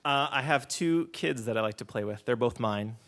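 A man's voice: medium pitch, normal speed, fairly bright tone. A man who is a contestant on a game show, answering with a sheepish laugh. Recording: audience and room noise.

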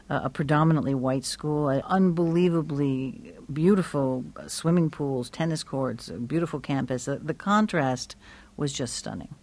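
A woman's voice: extremely low pitch, darkish tone. A woman hosting a broadcast interview, asking questions in an encouraging way. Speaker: radio interview host.

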